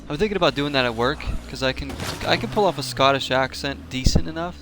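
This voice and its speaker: A man's voice: mid-range voice, fast, background noise. A man hosting a casual let's-play, chatting and joking with viewers and laughing often as he plays. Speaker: gaming channel host.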